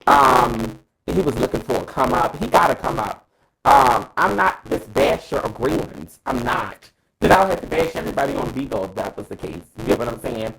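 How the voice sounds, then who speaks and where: A man's voice: mid-range voice, animated, normal speed, gravelly, a bit bright, rough recording. A man co-hosting a casual talk show, giving a dramatic, emphatic, profane opinion and calling co-hosts by name. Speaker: co-host.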